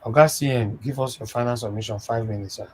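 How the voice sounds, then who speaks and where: A man moderating an open discussion, brisk and full of thank-yous and fillers. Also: mid-range voice, background noise.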